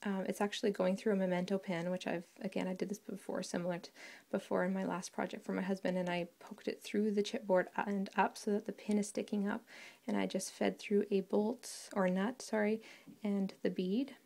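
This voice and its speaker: A woman's voice: medium pitch, level tone, fairly quick, vocal fry, a little mellow. A woman casually walking through a craft project, chatty and rambling and often correcting herself.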